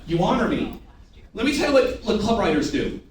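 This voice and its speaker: High-pitched guy running a sales training, gets the crowd to repeat stuff, super echoey room, mic way off. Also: brisk. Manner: energetic, call-and-response with the audience; teasing, loud bursts. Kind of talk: live sales training talk. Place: large training room before an audience. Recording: echoey room recorded from far off.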